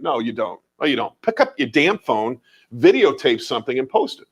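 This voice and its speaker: A man's voice: mid-range voice, a little fast, breathy edge. A man with an American accent co-hosting a casual livestream, talking emphatically and repeating his points. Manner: animated and emphatic, repeats phrases, mild swearing. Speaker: livestream co-host.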